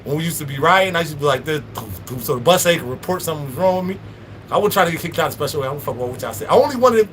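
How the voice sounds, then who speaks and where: A man in his thirties telling a prison story in an animated, profane, slang-heavy way, with lots of restarts. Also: a little high, slight background noise. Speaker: vlogger. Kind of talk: storytime monologue.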